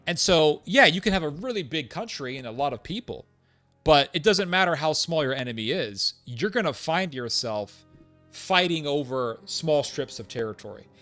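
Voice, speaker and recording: A man's voice: on the high side, lively intonation, moderate pace, bright, forceful tone, soft background music. A man giving an opinionated commentary monologue, emphatic and repetitive, with sarcastic asides. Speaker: political commentator.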